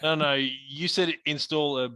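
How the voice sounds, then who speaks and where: A man co-hosting a podcast in casual chat, an animated storyteller who laughs often. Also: fairly high pitch, a little slow, smooth, no echo. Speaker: podcast co-host.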